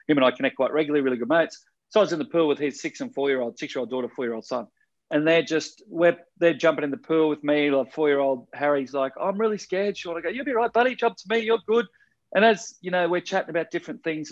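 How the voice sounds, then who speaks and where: A man's voice: mid-range voice, muffled recording. A man talking earnestly in a casual podcast chat, rambling with restarts and casual swearing.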